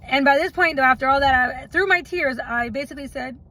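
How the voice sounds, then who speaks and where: A woman's voice: high-pitched, a little fast, bright, forceful tone, slight background noise, low-quality recording. A woman telling her own life story in a casual storytime vlog, chatty and rambling, often stopping for asides and laughs.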